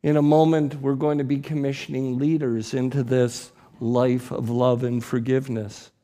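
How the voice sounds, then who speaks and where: A man, a priest preaching a sermon in church, slow and deliberate with emphatic rises. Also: medium pitch, level tone, dark tone.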